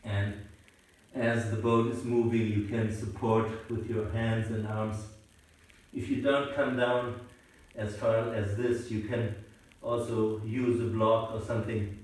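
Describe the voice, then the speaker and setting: A fairly low-pitched man instructs a yoga session on a sailboat, speaking slowly and calmly as he guides. The sound comes from a camera mic at a distance and has a roomy, distant quality.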